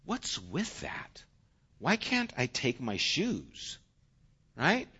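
Bright-voiced male pastor preaching conversationally. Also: mid-range voice, huge pitch swings, drawn-out words, husky, muffled recording. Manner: conversational preaching, shifting from loud to hushed. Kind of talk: sermon.

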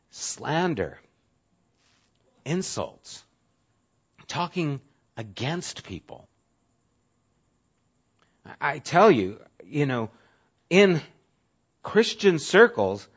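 A male pastor preaching a sermon in a casual, conversational way, sometimes dropping to a soft, low voice for emphasis. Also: breathy edge. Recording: dull lo-fi audio.

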